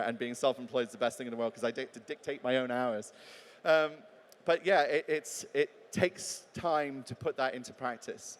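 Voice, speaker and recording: A man giving a live talk as a voice actor, chatty and joking, acting out example readings. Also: mid-range voice. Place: large talk venue. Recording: long hall reverb.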